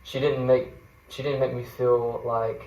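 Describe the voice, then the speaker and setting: A man's voice: medium pitch, level tone, unhurried, darkish tone, echoey room, distant mic, rough recording. A man, a guest mentor, tells a personal faith story in an earnest, rambling way, full of fillers and restarts. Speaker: guest mentor sharing a testimony.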